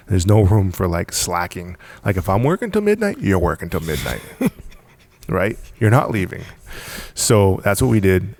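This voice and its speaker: Gravelly deep-voiced man telling a story. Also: a little mellow, no echo. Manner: emphatic, repetitive, punchy storytelling with frequent laughs. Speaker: podcast guest, business founder. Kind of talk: casual storytelling in conversation.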